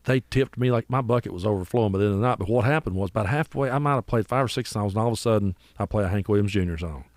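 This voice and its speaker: A man with an Appalachian accent rattles through his stories at a brisk clip, his voice on the lower side. He acts out the people in them as he goes. The sound is close and dry, with no room around it. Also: no echo. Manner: animated storyteller, acts out voices. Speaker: musician guest. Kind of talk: casual storytelling interview.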